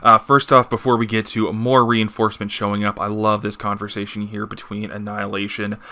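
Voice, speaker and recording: A man's voice: fairly low pitch, flat delivery, brisk, sharp tone. A man hosting a casual comic book review, gushing with enthusiasm and reading panels aloud, swearing now and then.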